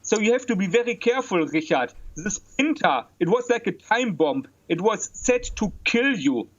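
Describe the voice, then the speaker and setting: Man doing a rambling paranoid expert witness, high voice, muffled lo-fi sound, comedy courtroom skit. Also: sing-song, moderate pace. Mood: insinuating. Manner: conspiratorial, rambling, insinuating. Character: male self-styled printer expert witness, paranoid and bigoted. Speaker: witness in a mock trial. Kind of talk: comedic improvised courtroom role-play.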